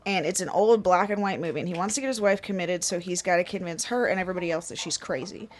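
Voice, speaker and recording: A young woman co-hosting a casual podcast, explaining things with lively acted-out quotes and plenty of swearing. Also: fairly low pitch, fast, a little hiss or hum. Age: young adult. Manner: animated storytelling with acted quotes, swears freely. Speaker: podcast guest co-host.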